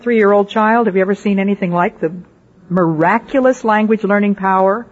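An older woman preaches a personal testimony and tells stories from her missionary life, putting rhetorical questions to her listeners. Her voice is husky and sits at a middle pitch. The recording is dull and lo-fi. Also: moderate pace. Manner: storytelling with rhetorical questions to the audience. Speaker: missionary speaker.

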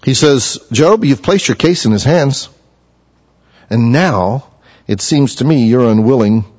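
A man preaching a sermon in an earnest manner, his pitch climbing when he speaks for the figures he quotes. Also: animated, a little slow, a little mellow. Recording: muffled sound in a reverberant hall.

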